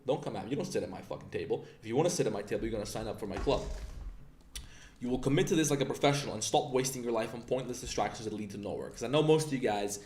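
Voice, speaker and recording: A man's voice: mid-range voice, a little mellow. Blunt, profane man ranting in an echoey room. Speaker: online mentor pitching a course. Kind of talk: intense motivational rant. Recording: roomy echo.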